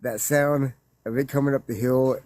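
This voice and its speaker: A man telling a witness story in a loose, rambling way, laughing and growing excited as he recounts it. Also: mid-range voice, normal speed, dry recording. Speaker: witness guest. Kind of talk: casual storytelling.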